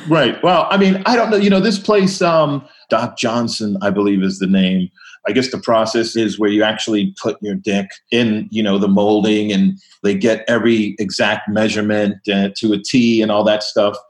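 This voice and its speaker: Laid-back low-voiced man. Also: fairly even intonation, moderate pace. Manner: laid-back, laughing easily. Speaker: podcast guest. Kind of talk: casual chat.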